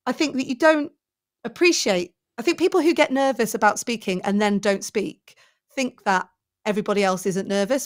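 A middle-aged woman, a presenter coach, talking enthusiastically in a podcast interview and thinking aloud as she goes. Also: on the high side.

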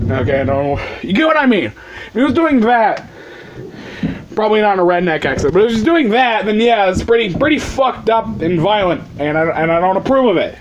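A man's voice: high voice, very animated, fairly quick, noisy background. A man talking straight to camera in a rambling, sarcastic rant, swearing constantly. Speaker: vlogger. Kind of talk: profane ranting commentary.

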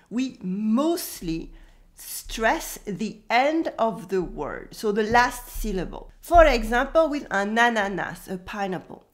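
French teacher, woman, Parisian accent, a touch high, explains patiently with examples. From France. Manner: friendly, explains with spoken examples. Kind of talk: language lesson to camera.

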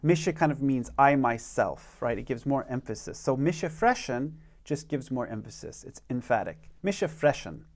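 A man teaching an online beginner language lesson, speaking slowly and patiently and modeling phrases for learners to repeat. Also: medium pitch, sing-song.

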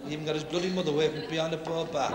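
Talking very fast with a flat delivery and fairly high pitch, this comedian with a Liverpool accent runs a brash, bantering routine in a working men's club, chatting with the audience. The sound is echoey, with background noise from the hall.

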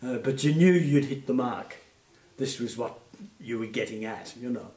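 An Australian man in his eighties, a retired puppeteer, telling gentle stories in an interview with many fillers. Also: medium pitch, moderate pace, far from the mic. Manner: gentle anecdotal storytelling, frequent fillers. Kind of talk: reminiscing interview. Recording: echoey room, off-mic.

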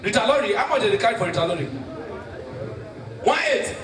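A man with a Nigerian accent doing stand-up comedy, telling stories with animated delivery and shouting his punchlines to the crowd. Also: sits high, quick pace. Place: comedy stage before a live audience. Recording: echoey stage from far off with crowd.

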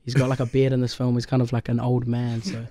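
A man's voice: medium pitch, monotone, fast, dark tone, no echo, studio quality. A young man with a New Zealand accent, an actor chatting loosely in an interview, full of "like" and "um". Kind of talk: casual interview chat.

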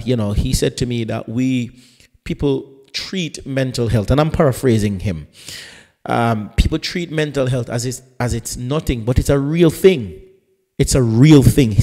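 A man's voice: medium pitch, dark tone, long reverb tail. A man, a pastor hosting a live radio talk show, introducing his guest in a chatty, teasing way with rambling asides.

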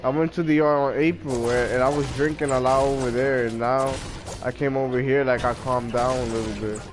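A man's voice: medium pitch, steady tone, fairly quick, noisy background. A young man with a Massachusetts accent chatting casually while gaming, joking and often stammering over his words. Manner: joking, laughing, stammering restarts. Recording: loud music behind voice.

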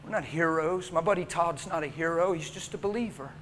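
A man's voice: on the high side, a little fast, a bit bright. A male preacher delivering an emotional, story-driven sermon in a church, acting out the people in his stories. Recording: long church reverb, faint background noise.

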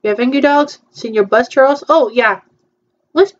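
A woman's voice: a little high, normal speed, lo-fi sound. A woman chatting casually through a virtual theme-park tour, hesitant and playful, with frequent ums.

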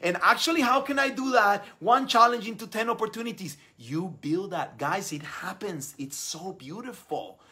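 A young adult man hosting a live stream, reading out viewer comments and talking with effusive, enthusiastic warmth. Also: sits high, moderate pace, few pauses. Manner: enthusiastic, effusive, repeats words. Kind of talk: casual live stream talk.

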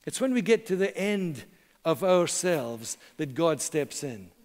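Preaching pastor, high voice, church reverb. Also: male voice, big pitch swings, a little mellow. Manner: earnest, dramatic pauses, slows for emphasis. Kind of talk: sermon. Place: church hall.

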